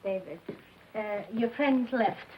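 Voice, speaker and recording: A coaxing, placating housewife. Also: female voice, on the high side, takes it slowly, a little hiss or hum. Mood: gentle. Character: soothing, fussing middle-aged housewife. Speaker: wife and homemaker in a sitcom. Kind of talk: 1950s TV sitcom acting. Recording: dull lo-fi 1950s TV sound.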